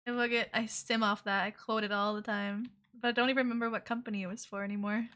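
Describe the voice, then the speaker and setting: A woman's voice: mid-range voice, level tone, quick pace, fairly bright tone. A woman streamer chatting casually with viewers while drawing. She talks playfully and hums nonsense syllables between comments. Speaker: VTuber streamer.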